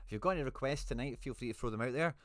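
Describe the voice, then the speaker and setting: A chatty man talks casually to his live-stream audience, thanking viewers and reading out their messages. His voice sits at an everyday middle pitch. The sound is dry and close to the mic. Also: racing, no echo. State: a bit out of breath. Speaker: streamer hosting a fantasy football live stream.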